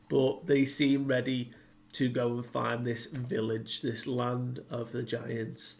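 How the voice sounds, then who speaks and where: A man's voice: mid-range voice, completely flat delivery, slow pace, vocal fry, a little mellow. A man casually recapping a comic chapter, rambling and leaning on "like" while he paraphrases what the characters say. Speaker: manga reviewer.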